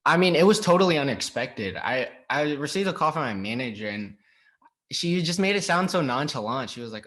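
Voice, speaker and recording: A young man from Los Angeles, an actor guest in a casual interview, relaxed and hesitant with many fillers. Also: medium pitch, fairly quick.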